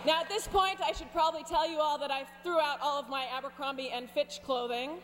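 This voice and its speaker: A woman in her forties stands at a podium giving a commencement address, her voice pitched a little high. She talks with wry, deadpan humor and sarcastic asides. The sound carries a long reverb from a big ceremony space, with a faint hum beneath it. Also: brisk. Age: 40s. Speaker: commencement speaker. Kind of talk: commencement speech. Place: large graduation ceremony venue.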